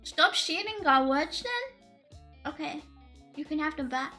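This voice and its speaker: A woman's voice: very high voice, huge pitch swings, drawn-out words, long pauses. A woman streamer in casual chat, playful, giggly and silly. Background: faint lo-fi music.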